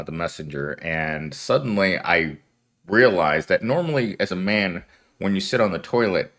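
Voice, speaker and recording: A man's voice: low-pitched, pushed and bright. A tired man hosting a casual livestream, rambling from story to story and chuckling often. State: tired, just woke up. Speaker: livestream host.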